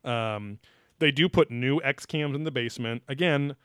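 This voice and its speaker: A man's voice: medium pitch, moderate pace, fairly bright tone, smooth, no echo. Young guy podcasting, chatty and jokey, lots of ums, dead dry mic sound. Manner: loose, joking, frequent fillers and laughs. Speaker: podcast co-host. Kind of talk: casual chat recapping a TV episode.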